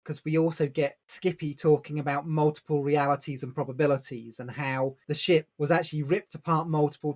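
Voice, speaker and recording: A man's voice: a little high, darkish tone. A man co-hosting a casual book-review podcast, explaining points at length with small laughs. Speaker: podcast co-host.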